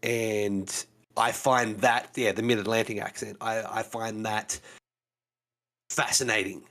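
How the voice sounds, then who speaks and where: A man co-hosts a relaxed podcast chat, talking things through in a loose, explanatory way. His voice sits on the lower side, and he fills the gaps with plenty of casual fillers. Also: unhurried. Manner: chatty, explaining, full of fillers like "you know". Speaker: co-host.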